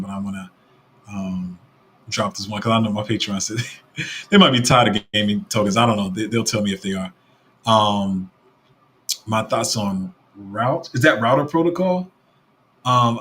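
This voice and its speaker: A man's voice: lowish voice, a bit bright, slight background noise. A young man hosting a casual crypto livestream, rambling and restarting his sentences while he answers viewer comments. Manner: rambling, with many fillers and restarts.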